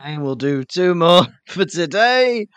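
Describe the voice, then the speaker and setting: A man's voice: sits high, big pitch swings, takes it slowly, a bit bright, clean tone, no room sound. A man co-hosting a podcast in easygoing casual chat, introducing listener requests. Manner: easygoing, reads out listener names. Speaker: podcast co-host.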